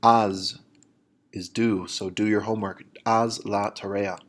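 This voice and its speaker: A man teaching a recorded lesson, explaining each point plainly and slowing down to model phrases. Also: fairly low pitch, little pitch movement. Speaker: Spanish teacher.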